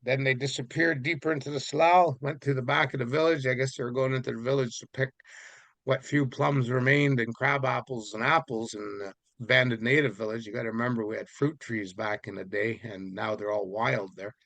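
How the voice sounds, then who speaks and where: An interview guest from Vancouver Island, Canada, tells a story in a mid-range voice, talking a little fast on a dry recording. He's relaxed and rambling, with plenty of fillers.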